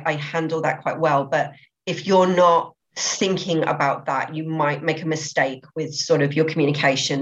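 Casual: low-pitched woman on a podcast, eager, keeps restarting her words, kinda dull lo-fi sound. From England. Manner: enthusiastic, many restarts and repeated words. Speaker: podcast guest, business owner. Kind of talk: podcast interview. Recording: slightly dull lo-fi audio.

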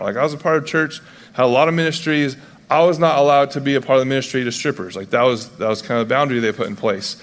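A man preaching a casual, conversational sermon as pastor, acting out biblical figures in quick voices. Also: mid-range voice, fairly even intonation. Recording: long hall reverb.

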